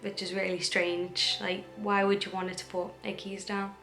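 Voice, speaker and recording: A woman's voice: medium pitch, level tone, normal speed, a bit bright, soft background music. A young woman vlogger retelling a true crime story in a chatty way, acting out the quoted dialogue. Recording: echoey room.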